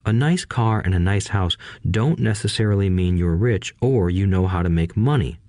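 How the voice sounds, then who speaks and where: A warm-hearted schoolteacher father speaks softly and patiently, voiced by a man reading the story. His voice sits very low and deep, recorded close and dry with no room around it. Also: moderate pace, dry recording. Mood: patient explaining. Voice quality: soft, patient. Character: kind, gentle schoolteacher father. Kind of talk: audiobook reading.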